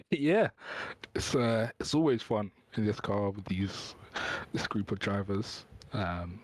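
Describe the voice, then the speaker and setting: Male sim driver, soft-spoken, hesitant, lowish voice, remote call. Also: lively intonation, takes it slowly, dry recording. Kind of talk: post-race interview answers.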